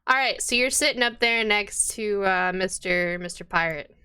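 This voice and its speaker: Bright-voiced woman game master. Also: medium pitch, moderate pace, clear, resonant tone. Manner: loose, chatty narration. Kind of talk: narrating a tabletop game.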